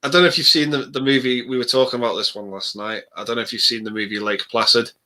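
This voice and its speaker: A man in a casual movie chat, easygoing and quick to agree. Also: mid-range voice, steady tone, a crowd in the background.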